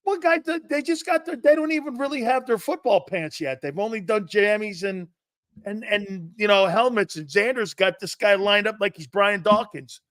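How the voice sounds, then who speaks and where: A man hosting a sports talk show, brash and profane, arguing loudly with his co-host. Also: sits high, normal speed, no room sound.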